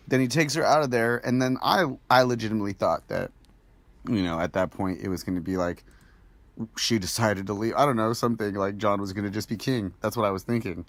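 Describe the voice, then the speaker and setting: A man's voice: on the low side, fairly quick, dry recording. A man co-hosting a casual podcast chat, laid-back and slangy, laughing often. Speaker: podcast co-host.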